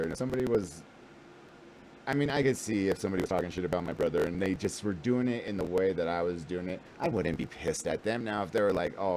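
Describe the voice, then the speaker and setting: A man's voice: deep voice, darkish tone, slight background noise, rough recording. A man in his forties telling a rambling, self-deprecating story to camera, full of fillers and restarts. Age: 40s. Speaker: vlogger and new actor.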